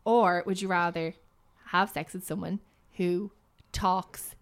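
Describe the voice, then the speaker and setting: A woman's voice: lowish voice, fairly even intonation, slow pace. Woman, podcast host, casual chat, giggly, rambling. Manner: giggly, rambling, reads questions aloud.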